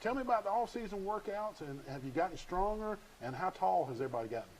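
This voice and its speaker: A man's voice: sits high, lively intonation, fast, very noisy. A man hosting a local sports chat, folksy and teasing, asking the coach questions. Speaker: sports show host. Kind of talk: casual interview chat.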